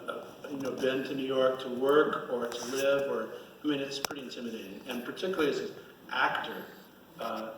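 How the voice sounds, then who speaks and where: A man's voice: medium pitch, sharp tone. A man from Connecticut telling self-mocking stage anecdotes at a fan Q&A, rambling and restarting as he goes. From Connecticut, USA. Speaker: guest actor at a fan Q&A. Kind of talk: casual storytelling on stage. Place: convention hall stage. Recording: echoey hall, distant mic, faint noise.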